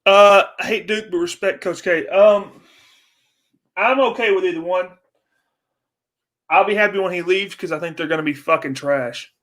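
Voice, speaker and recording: A man's voice: high-pitched, normal speed, long pauses, a bit bright. A young man hosting a casual livestream, ranting and swearing in frustration while chatting with viewers. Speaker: livestream host.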